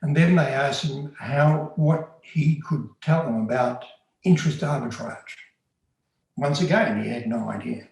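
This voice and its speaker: A man's voice: on the high side, a little slow, darkish tone. Man, first-person storyteller, conversational, earnest, very echoey room. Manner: earnest, conversational, plain-spoken. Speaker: storyteller recounting undercover work.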